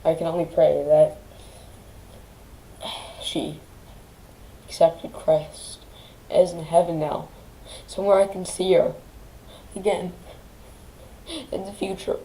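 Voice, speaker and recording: A grieving woman on her vlog, near tears, speaking in halting phrases that restart and trail off. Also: fairly low pitch, little pitch movement, dark tone, slight background noise, low-quality recording. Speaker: channel host.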